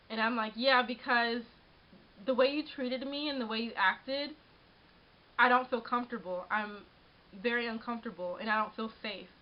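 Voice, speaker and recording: A woman's voice: fairly high pitch, normal speed, long pauses. A young woman in her twenties telling a personal story in a casual vlog, rambling with many restarts, recorded on a camera mic at home. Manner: rambling, frequent restarts and "like", shaken but laughing. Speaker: vlogger. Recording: dull lo-fi webcam audio.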